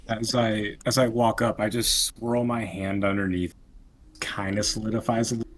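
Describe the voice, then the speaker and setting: Deep-voiced man playing a tabletop game. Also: level tone, unhurried, a little hiss or hum. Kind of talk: casual play session banter.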